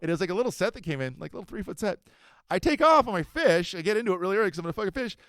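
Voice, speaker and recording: Fast-talking, profane man telling a story. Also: high voice, smooth, no echo, clean studio sound. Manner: animated, swearing, acts out both sides of a quarrel, bursts into shouts. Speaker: podcast host.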